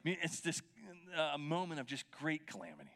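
A man's voice: a little high, very animated, fast, fairly bright tone. A man preaching a sermon as pastor, retelling scripture in a conversational way and checking in with his listeners.

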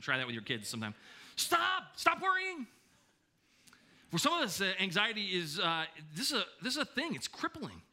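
A man preaching a sermon, animated and emphatic, often repeating his points. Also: high voice, fast talker, hardly any pauses. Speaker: pastor.

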